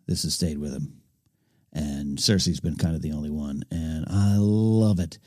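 A man's voice: extremely low pitch, measured pace, dark tone, no echo, studio quality. A man hosting a podcast, recapping an episode in an enthusiastic, rambling way with frequent restarts. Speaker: podcast host. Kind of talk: casual episode recap commentary.

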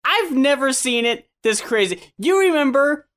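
A man co-hosting a music podcast, telling a mock-serious bit in a deadpan, dramatic way. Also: very high-pitched, moderate pace. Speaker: podcast co-host. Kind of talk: casual podcast chat.

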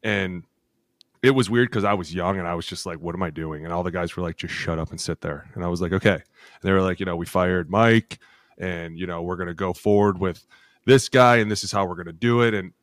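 A man in his thirties co-hosting a sports podcast, telling animated locker-room stories full of acted quotes and cursing. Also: sits low, a little fast, no room sound, studio quality. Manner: animated storytelling with acted quotes, swears freely. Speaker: podcast co-host, former NFL lineman. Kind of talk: casual chat.

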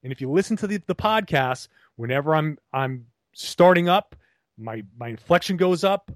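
Pitched fairly high with lively intonation, this male co-host talks at a moderate pace in a casual podcast chat. He's on a remote call, rambling animatedly through long turns and restarting often. The sound is dry and of studio quality.

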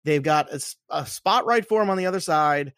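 A man's voice: a little high, brisk, fairly bright tone, clean tone, dry recording, clean studio sound. A man co-hosting a fantasy football show, chatting casually and emphatically, repeating points for emphasis. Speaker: fantasy football podcast co-host. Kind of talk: casual sports betting chat.

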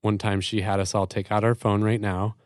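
A man with a fairly low voice chats on a podcast, affirming and upbeat and quick to laugh. The sound is dry and close-miked. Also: little pitch movement, no room sound. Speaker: podcast co-host. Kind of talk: casual podcast chat.

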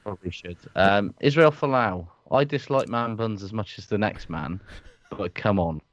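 A man's voice: fairly low pitch, moderate pace, no echo, muffled recording. A man co-hosting a rugby podcast in casual chat, with a dry, wry, understated manner. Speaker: podcast co-host.

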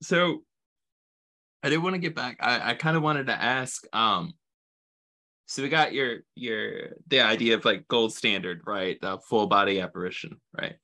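Podcast host guy, slow and bright, really lively pitch, lots of ums. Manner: slow, hesitant questions with fillers. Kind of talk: interview questions.

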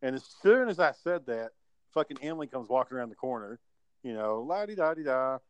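A man's voice: mid-range voice, big pitch swings, brisk, clear, resonant tone, no room sound, muffled recording. A man hosting a casual online chat and telling a profane story in a laid-back, chuckling way. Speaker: podcast host telling a story. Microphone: online voice call.

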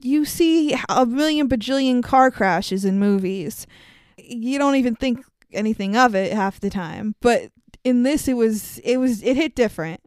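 A woman's voice: on the high side, measured pace, clean tone, no echo. A young woman co-hosting a podcast, recapping a movie in casual chat, laughing often and swearing freely. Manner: laughs often, animated and profane. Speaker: podcast co-host.

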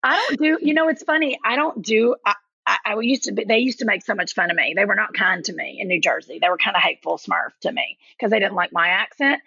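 A woman's voice: mid-range voice, fast talker, gravelly, bright, forceful tone, breathy edge, no echo, lo-fi sound. A woman from Kentucky with a Southern accent, chatting animatedly as a podcast guest and calling people honey. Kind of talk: casual chat.

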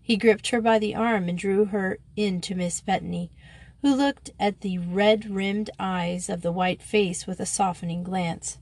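A woman narrating a children's novel in a steady, measured reading. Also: medium pitch. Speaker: audiobook narrator. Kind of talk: scripted narration.

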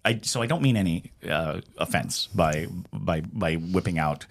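Casual co-host, male, low and expressive delivery, playful, loose with fillers. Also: a little slow, creaky. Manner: joking, animated, trails off with fillers. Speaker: podcast co-host. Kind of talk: casual chat.

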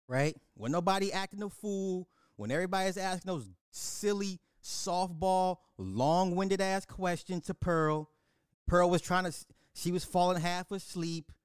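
Animated man hosting a livestream. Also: fairly high pitch, clean tone, no echo, clean studio sound. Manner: animated and emphatic, laughing often. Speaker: livestream host. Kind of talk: casual livestream commentary.

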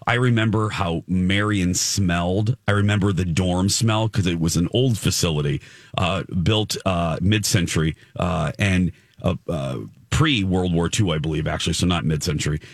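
A man's voice: sits low, moderate pace, no echo, clean studio sound. A middle-aged man telling a rambling story in a casual chat, often correcting himself.

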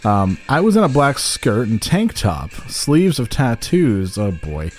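A man's voice: medium pitch, big pitch swings, unhurried, hardly any pauses, a little mellow, soft background music. Profane man reading ads aloud for laughs. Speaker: podcast co-host. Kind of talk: comedic reading of personal ads.

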